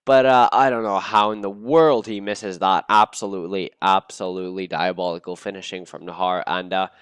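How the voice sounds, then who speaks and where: A young man talks through his gameplay in a smooth, clear voice, flaring into excited, swearing outbursts. The sound is dry and close, with no room around him. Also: low voice, normal speed, no room sound. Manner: excitable, cursing, bursts of outrage at misses. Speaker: gaming channel host. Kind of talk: casual gameplay commentary.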